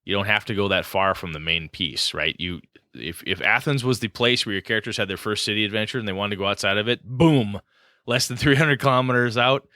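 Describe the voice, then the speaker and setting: A man co-hosting a casual podcast chat, excitable and rambling, with many fillers and restarts. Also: lowish voice, brisk, dry recording, studio quality. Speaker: podcast co-host.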